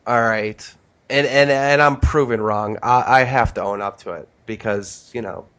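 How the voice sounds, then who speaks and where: A man's voice: medium pitch, moderate pace, fairly bright tone. Brash, swearing podcast co-host man. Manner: heated, storytelling, frequent swearing. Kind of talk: casual profane chat.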